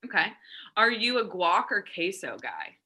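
A woman's voice: medium pitch, big pitch swings, moderate pace, sharp tone. A woman co-host quizzing guests in an upbeat, chatty way, using many fillers. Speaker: podcast co-host. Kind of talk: casual chat, quizzing guests.

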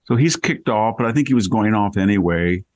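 A man's voice: lowish voice, expressive, brisk, no echo, rough recording. An older man hosting a podcast, chatting casually and telling anecdotes with plenty of asides. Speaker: podcast host. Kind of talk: casual chat.

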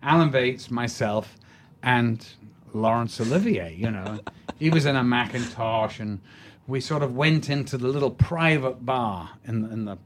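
An older man telling a story in an interview. He takes his time, circling back with restarts and chuckles, at an ordinary middle pitch. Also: unhurried, slight background noise. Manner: leisurely anecdotes with restarts and laughter. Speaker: actor, interview guest.

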